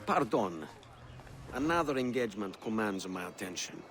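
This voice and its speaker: A man's voice: lowish voice, lively intonation, normal speed, a bit bright, soft background music. An actor playing a flamboyant Italian nobleman in a video game, with an exaggerated put-on Italian accent. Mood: polite. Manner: exaggerated, trying very hard.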